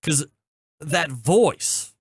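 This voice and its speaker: A man hosting his own podcast, telling a story in a chatty, joking way with quick asides, then reading a sponsor spot. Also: fairly high pitch, lively intonation, husky, no echo, clean studio sound. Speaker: podcast host. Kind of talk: casual chat and sponsor read.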